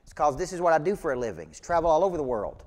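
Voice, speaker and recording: Emphatic Southern business coach, fairly high voice. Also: male voice, very animated, racing, darkish tone, long reverb tail. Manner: emphatic, folksy, rhetorical questions. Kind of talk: motivational seminar teaching.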